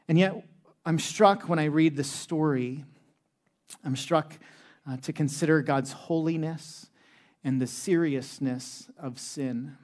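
A man's voice: on the high side, slow pace, a little mellow. A man in his thirties, a pastor preaching a sermon in a conversational, humorous way with many "uh" fillers.

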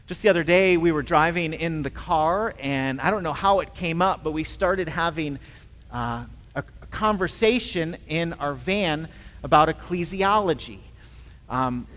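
A male pastor preaching a sermon in a conversational way, with frequent pauses and restarts. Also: on the high side, a bit bright. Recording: long reverb in a large hall.

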